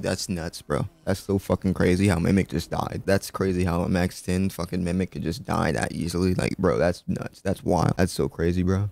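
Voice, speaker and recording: A man's voice: low voice, vocal fry, mellow. A young man giving profane commentary over his own gameplay into a headset, repeating lines and venting at a boss fight. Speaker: gaming channel host. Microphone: gaming headset.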